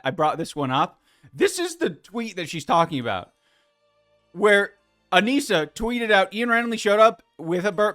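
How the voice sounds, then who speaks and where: An exasperated man riffs on a clip with sarcasm and frequent swearing. His voice swings widely in pitch, sitting a little high for a man. Faint music runs underneath. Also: bright, forceful tone. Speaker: podcast host reacting to a clip. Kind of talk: casual reaction commentary.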